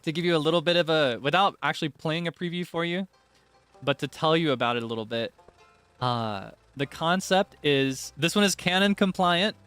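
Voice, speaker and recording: Young male streamer, playful and teasing, slightly high voice, soft game music underneath. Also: normal speed, smooth, no echo. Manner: playful and excitable, with sudden high squeals and teasing. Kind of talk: casual game livestream chat. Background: faint game music.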